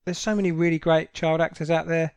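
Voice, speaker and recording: A man's voice: a little high, flat delivery, fast talker, a little mellow, clear, resonant tone, no room sound. A man with a South London accent, chatting casually on a podcast and swearing freely. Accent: South London English. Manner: talkative, swears casually, many fillers. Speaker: podcast co-host. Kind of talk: casual chat.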